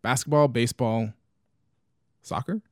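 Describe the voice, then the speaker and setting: A man's voice: mid-range voice, a little slow, darkish tone, no room sound. A young man in a casual chat with a mid-range voice. He sounds easygoing and laughs often while explaining things. The recording is dry and close. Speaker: podcast co-host.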